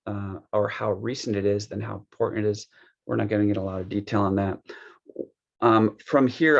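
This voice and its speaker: Gravelly low-voiced man winging a demo. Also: highs cut off. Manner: rambling, loose, with many fillers and restarts. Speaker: wellness device demonstrator. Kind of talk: casual unscripted product walkthrough.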